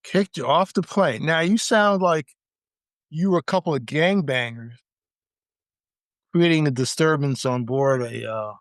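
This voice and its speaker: A man with a fairly high voice co-hosts a casual chat, cutting in with follow-up questions and a few stammers. The sound is close and dry. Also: a little slow, long pauses, no echo. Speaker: co-host.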